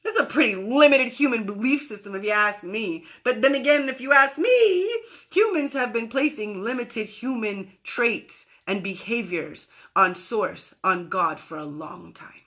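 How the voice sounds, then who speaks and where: A woman's voice: medium pitch, unhurried, hardly any pauses, fairly bright tone. A woman giving a motivational spiritual talk on a livestream. She speaks expressively, with emphatic repetition, and acts out quoted voices. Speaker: spiritual coach.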